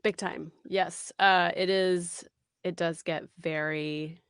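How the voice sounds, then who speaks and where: A woman in her thirties with a somewhat low voice chats animatedly in an interview, full of fillers and quick asides. The sound is dry and close, with no room around it. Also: smooth, dry recording. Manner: animated, chatty, many fillers and laughs. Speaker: voice actress guest. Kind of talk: casual interview chat.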